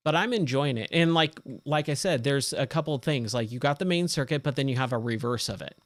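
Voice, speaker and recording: A man's voice: medium pitch, brisk, dry recording. A man in his forties chatting casually while streaming a racing game, rambling with many fillers, his voice a little worn. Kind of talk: casual live-stream commentary.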